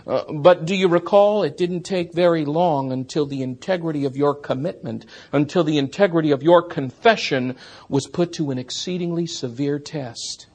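A man preaching an expository sermon as a pastor, earnest, rising to emphatic peaks and then dropping soft. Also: fairly high pitch, normal speed.

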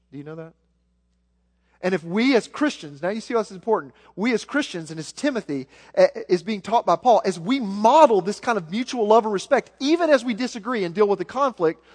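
Man, Southern accent, pastor preaching, earnest, high voice, long hall echo. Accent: Southern American. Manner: earnest, repeats words when building a point. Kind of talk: sermon.

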